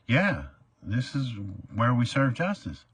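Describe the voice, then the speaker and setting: A man's voice: medium pitch, huge pitch swings, slow pace, fairly bright tone, husky, no room sound, voice pushed up, heavily acted. A man voicing a folksy, condescending male small-town judge who calls people son. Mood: patronizing.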